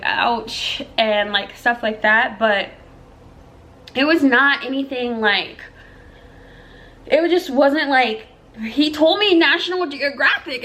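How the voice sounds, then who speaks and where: A young woman vlogger tells her own story straight to camera in a slightly high, fairly bright voice. She's chatty and emotional, calling her viewers "girl" and "y'all."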